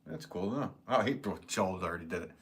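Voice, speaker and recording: In an indoor pottery studio, a man hosts a livestream, reading viewer comments aloud in a laid-back way and chuckling often. His voice is low, animated, fairly quick and slightly rough.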